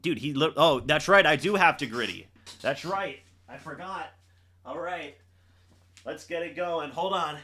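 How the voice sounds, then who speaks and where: A young man hosting a live reaction stream, calling the plays and shouting and teasing players on big moments. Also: on the high side, unhurried. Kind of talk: excited live play-by-play reaction.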